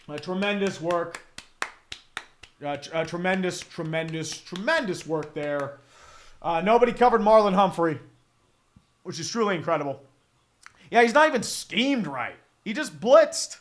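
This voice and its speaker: A man's voice: high voice, fairly bright tone. A man in his thirties giving live play-by-play as a fan streamer, profane, exasperated and sarcastic as he reads chat between plays. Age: 30s.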